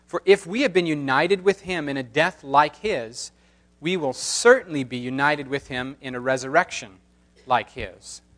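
A man's voice: on the high side, fairly bright tone. Emphatic male pastor preaching. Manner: emphatic, rising to impassioned. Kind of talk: sermon with scripture reading.

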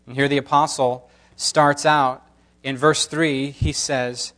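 A man's voice: mid-range voice, flat delivery, takes it slowly, a bit bright. A man pastor reading scripture and preaching a sermon with emphatic, impassioned delivery.

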